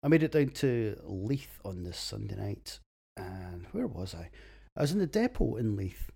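A man's voice: on the low side, big pitch swings, measured pace, gravelly, warm tone, husky. A Scottish man hosting a beer podcast, reading a casual, crude, self-mocking script and laughing at his own jokes.

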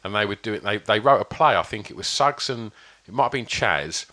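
Man, low pitch, bright tone, rambling casual storyteller. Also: animated, a little fast. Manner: rambling anecdotal storyteller with many fillers and restarts. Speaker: podcast guest. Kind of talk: casual chat.

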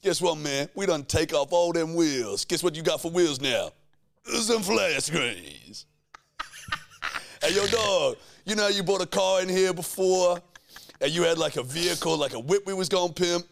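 A man's voice: on the high side, expressive, normal speed, vocal fry, slight background noise, voice pushed up. A man doing a brash, hyped makeover host. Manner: loud, slangy, boasting hype.

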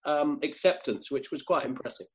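A man's voice: on the high side, moderate pace. A man making wry, joking remarks in casual podcast chat.

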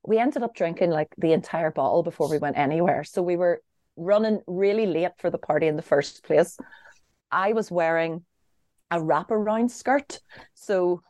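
Lower-voiced woman telling a funny story. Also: moderate pace, no room sound, studio quality. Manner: lively storyteller, laughing through her own tale. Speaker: podcast co-host.

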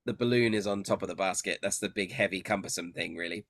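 A man's voice: low-pitched, fast talker, a bit bright, no echo, clean studio sound. A man narrating a tabletop game as game master, laughing often.

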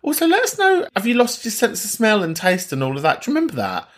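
A man's voice: high-pitched, very animated, fast, a bit bright. A man hosting a podcast, chatting casually and swearing freely as he reacts to listener messages. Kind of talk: casual chat.

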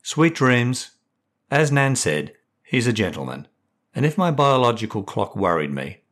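A man reading his own short stories aloud and explaining how he wrote them. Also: fairly low pitch. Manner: expressive storyteller. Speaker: writer and narrator.

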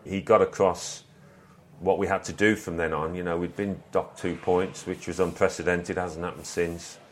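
Deep-voiced man recounting football memories. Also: little pitch movement, normal speed, slight background noise. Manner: reflective, anecdotal, quotes others. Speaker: former footballer, interview guest. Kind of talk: relaxed storytelling interview.

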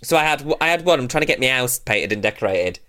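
A man's voice: medium pitch, lively intonation, quick pace, pushed and bright, a little hiss or hum. A man co-hosting a podcast, chatting casually and ranting animatedly, swearing freely. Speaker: podcast co-host. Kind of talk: casual comedic chat.

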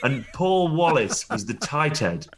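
A man's voice: mid-range voice, big pitch swings, a little slow. A man, a former rugby player, telling rambling anecdotes with chuckles and frequent restarts in a casual interview.

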